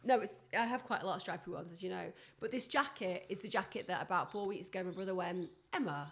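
A woman's voice: fairly low pitch, fast talker, a bit bright. A woman co-hosting a podcast in casual chat, dry and teasing, poking fun at herself. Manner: dry, teasing, self-mocking. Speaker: podcast co-host.

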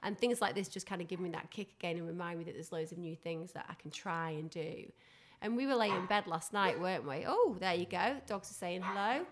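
A woman with a strong Northern English accent, co-hosting a casual podcast at home and telling stories with lively, acted-out asides. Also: lowish voice, a little fast, a little hiss or hum. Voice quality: animated, acts out voices in her anecdotes. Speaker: podcast co-host. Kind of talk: casual chat. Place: home, dogs nearby.

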